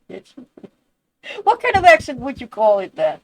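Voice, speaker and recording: A woman's voice: on the high side, wildly swooping pitch, moderate pace, low-quality recording. A Dutch woman with a Dutch accent, chatting bluntly and emphatically on a game stream, swearing now and then. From Netherlands. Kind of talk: casual chat during a game stream.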